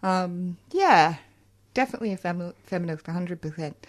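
A woman's voice: fairly low pitch, animated, brisk. A woman activist speaking as a panel guest, direct and emphatic. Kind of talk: casual discussion.

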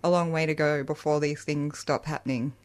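A woman's voice: sits low, fairly even intonation, brisk. A woman activist speaking as a panel guest, direct and emphatic. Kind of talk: casual discussion.

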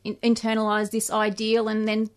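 A woman's voice: fairly high pitch, completely flat delivery, moderate pace, slight background noise. Woman moderator pressing with questions. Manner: probing follow-up questions. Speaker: interviewer. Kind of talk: moderating a panel discussion.

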